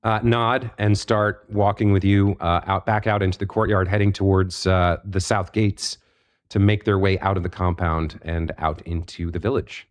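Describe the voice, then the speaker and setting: A man narrating a tabletop role-playing game as game master, relaxed and with many fillers. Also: low voice, moderate pace.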